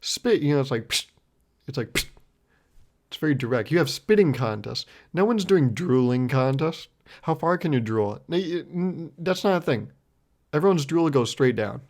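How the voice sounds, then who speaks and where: A man's voice: a little high, animated, moderate pace, darkish tone. A man in his twenties hosting a solo podcast, telling a rambling story in a self-mocking way, laughing often and swearing freely. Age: 20s. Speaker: podcast host.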